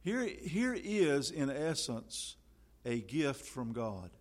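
A man preaching a sermon in a conversational way, full of fillers, getting louder when he quotes scripture. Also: medium pitch, sing-song, slow pace.

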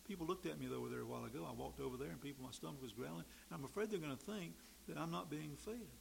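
A man preaching a sermon, emphatic, rising loud and high for key points and dropping to quiet asides. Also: rapid-fire, gravelly, hardly any pauses, a little hiss or hum.

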